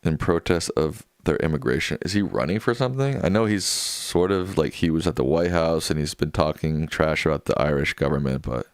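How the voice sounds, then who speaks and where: Very deep-voiced man reading stream chat. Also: steady tone, moderate pace, hardly any pauses, clean tone, no room sound. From United States. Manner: reads viewer comments aloud and answers offhand. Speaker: livestream host reading chat. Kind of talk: casual chat.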